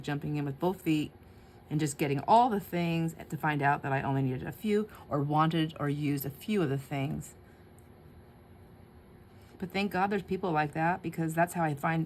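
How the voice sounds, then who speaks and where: A low-voiced woman hosting a craft channel chats casually to viewers while she works. She's chatty, laughs often, and talks to herself as she crafts, with a little hiss or hum in the background.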